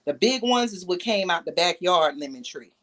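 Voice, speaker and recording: With a lowish, animated voice at normal speed, a middle-aged New York woman cooks and chats casually with her viewers, laughing often. She's a podcast host, and this is a relaxed cooking vlog.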